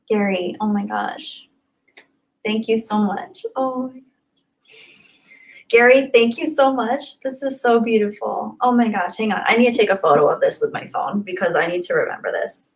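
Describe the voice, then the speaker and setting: A woman's voice: mid-range voice, moderate pace, rough recording. Bubbly young woman chatting on a livestream. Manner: bubbly and effusive, often laughing. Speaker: livestream host reading chat. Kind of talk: casual live-stream chat.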